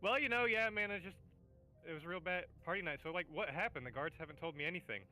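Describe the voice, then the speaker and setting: A man's voice: high-pitched, fast, sharp tone, faint music behind, rough recording. A man voicing a hungover young male party animal who sounds sheepish and evasive.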